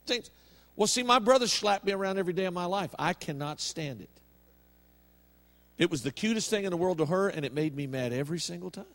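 A man's voice: high voice, lively intonation, quick pace. A middle-aged male pastor preaching a sermon in a folksy, humorous storytelling way.

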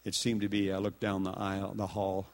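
An older man preaching, telling a story with animated acted-out dialogue and laughter. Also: low voice, fairly quick. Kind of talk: sermon storytelling.

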